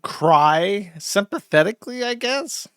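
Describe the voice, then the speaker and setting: A man's voice: sits high, lively intonation, takes it slowly, fairly bright tone, smooth, no echo, clean studio sound. A man hosting a stream, giving crude, sardonic commentary on clips he plays. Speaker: streamer host. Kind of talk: casual commentary.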